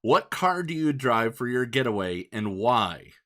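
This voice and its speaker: A man's voice: mid-range voice, big pitch swings, unhurried, sharp tone. Male podcast host, upbeat and chatty, casual home-studio feel. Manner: upbeat, chatty, prone to restarts. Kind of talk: casual chat.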